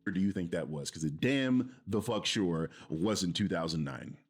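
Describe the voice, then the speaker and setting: A man's voice: deep voice, expressive, moderate pace, slightly rough, soft background music. A man streaming, reacting to a video in heated casual commentary, swearing and mocking with an exasperated tone. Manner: profane, exasperated, mocking laughs.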